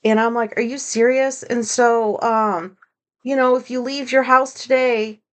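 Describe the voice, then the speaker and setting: A woman talks through a loose solo podcast episode with a slightly high voice. She rambles from thought to thought, swears freely and pokes fun at herself. She sounds high on marijuana. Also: steady tone, measured pace, a bit bright, clean tone. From United States. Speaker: podcast host. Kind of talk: casual solo podcast monologue.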